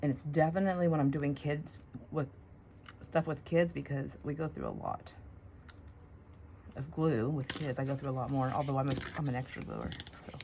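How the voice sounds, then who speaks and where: A woman's voice: sits low, expressive, moderate pace, a little mellow, a little hiss or hum. A middle-aged woman vlogging casually while she crafts, rambling and talking to herself with many fillers. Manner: rambling, self-talk with fillers and laughs.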